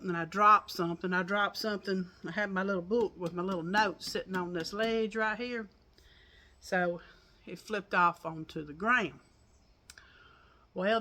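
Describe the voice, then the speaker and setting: A woman with a medium-pitched, sharp voice chats to her viewers outdoors on a porch. The crochet vlogger rambles in a folksy way, a little out of breath, telling stories with laughs.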